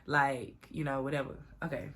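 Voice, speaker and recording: A woman's voice: rumbling low, level tone, moderate pace, fairly bright tone. A young woman telling a personal story to camera in a chatty, profane way, often addressing viewers as y'all. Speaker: vlogger.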